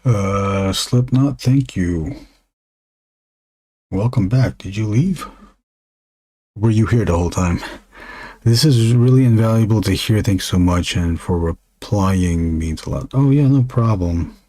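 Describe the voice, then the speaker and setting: While drawing comics on a live stream, a man murmurs in a low, half-whispered voice into his desk mic, pausing as he muses. His tone is dark.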